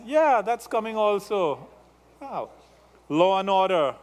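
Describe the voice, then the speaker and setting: A male pastor with a slightly raised voice and an accent delivers a sermon at an unhurried pace. He teases his congregation in a playful way and keeps checking in with them. His delivery is loose and conversational rather than formal. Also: sits high, sing-song. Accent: non-native English. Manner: playful, teasing the congregation, tag questions.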